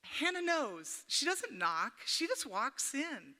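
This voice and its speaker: A middle-aged woman's high, sing-song voice, bright and forceful, takes its time in a folksy workshop talk at a women's church camp. She chats, tells homey stories and jokes with the audience, and the camp meeting hall sounds echoey.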